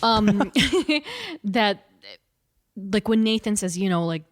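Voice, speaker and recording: A woman co-hosting a podcast in casual chat, animated and laughing often, bursting into loud acted-out quotes. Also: mid-range voice, slow. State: short on sleep. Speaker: podcast co-host.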